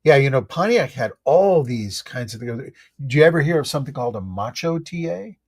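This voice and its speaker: A man co-hosts a relaxed car chat stream and laughs easily along with his partner. His voice carries a light husky edge. His pitch moves a lot as he talks. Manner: chatty, quick to laugh. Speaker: co-host of a car talk stream. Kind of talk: casual chat.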